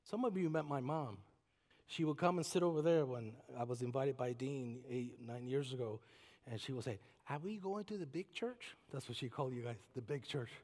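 A man preaching a sermon as a guest pastor, swinging from shouted emphasis to hushed, near-whispered passages. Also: medium pitch, brisk. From Puerto Rico. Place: church sanctuary. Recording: long reverb of a large church hall.

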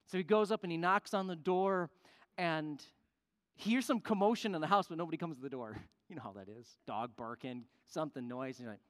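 A man preaching a sermon, telling a story with animated voices for the people in it. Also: a little high, normal speed. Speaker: pastor. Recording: long hall reverb.

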